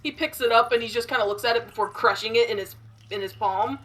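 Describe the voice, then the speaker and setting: A woman's voice: on the high side, fast talker, fairly bright tone. A woman playing a tabletop role-playing game, narrating her character's actions in a playful, improvising way. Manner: playful, giggly, improvising aloud. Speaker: player.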